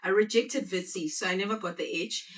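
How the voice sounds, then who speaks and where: A South African woman giving a conversational talk to a live audience, throwing quick call-and-response questions at the room. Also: medium pitch, fairly bright tone, far from the mic. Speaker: guest speaker. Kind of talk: conversational presentation.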